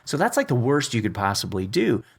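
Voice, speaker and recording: A man's voice: medium pitch, huge pitch swings, brisk, vocal fry, breathy edge. A man co-hosting a casual teaching chat, explaining patiently step by step with informal asides. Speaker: co-host.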